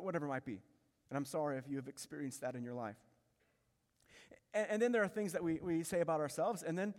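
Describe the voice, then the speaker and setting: This pastor's voice is on the high side and a little mellow. Preaching in a church sanctuary, he is emphatic, repeats key phrases, and asks rhetorical questions of the congregation. Long reverb from the large hall is audible.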